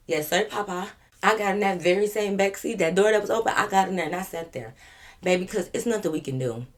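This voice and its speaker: A woman's voice: mid-range voice, quick pace. A woman vlogger telling a story to her viewers in a casual, slangy, playful way, acting out what people said. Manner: playful, animated, slangy, acts out quotes.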